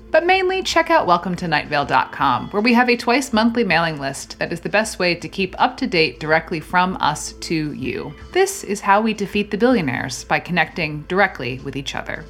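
A woman with a lowish voice reads the credits and announcements in a deadpan, wry way, her pitch still moving lively. Soft music sits in the background. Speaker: podcast producer reading credits. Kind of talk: dry scripted announcements.

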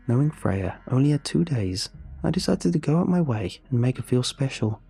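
A man narrating a first-person horror story in a measured, scripted way. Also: mid-range voice, lively intonation, mellow, slightly rough, faint music behind.

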